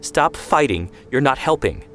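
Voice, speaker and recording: A man's voice: mid-range voice, lively intonation, very fast, soft background music, pitched above the performer's own voice, natural voice. A man voicing an upset youngest son who begs his brothers to stop fighting. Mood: pleading. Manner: pleading, yelling.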